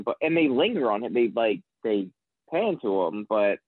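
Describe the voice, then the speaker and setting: A man's voice: lowish voice, sing-song, normal speed, no room sound. A man co-hosting a podcast, chatting casually about a film and often repeating words as he starts. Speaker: podcast co-host. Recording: tinny phone-like line.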